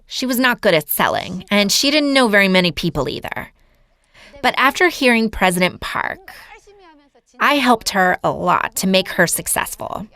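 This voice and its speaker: A woman's voice: mid-range voice, sing-song, normal speed, pushed and bright, no room sound. A woman giving a lecture as an earnest personal testimony, telling her story to a seminar audience. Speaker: seminar speaker.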